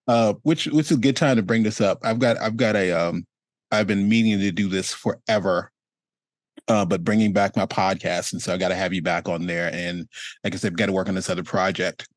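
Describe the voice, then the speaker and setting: A man's voice: sits low, steady tone, brisk, no echo. Rambling, laughing male host. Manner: rambling, restarts sentences, laughs often. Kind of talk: casual chat.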